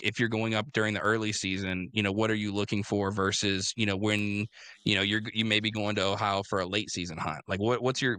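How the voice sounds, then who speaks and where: A young man hosting a casual interview, telling animated stories full of fillers and restarts. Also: on the low side, no room sound. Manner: animated storyteller, lots of filler words and restarts. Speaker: podcast host.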